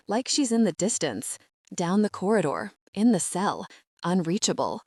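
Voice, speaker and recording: A woman narrating a fantasy audiobook in the first person, in a measured, steady way. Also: lowish voice, no echo, clean studio sound.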